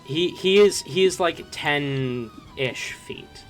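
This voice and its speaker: Slow-talking male game master. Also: fairly high pitch, wildly swooping pitch, soft background music. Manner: unhurried, many ums and uhs. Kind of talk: narrating a tabletop game.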